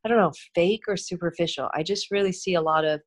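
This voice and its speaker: A middle-aged woman, a TV host, chatting in an interview in an animated way, laughing often and restarting her sentences. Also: fairly low pitch, quick pace. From Korean heritage. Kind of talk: casual interview chat.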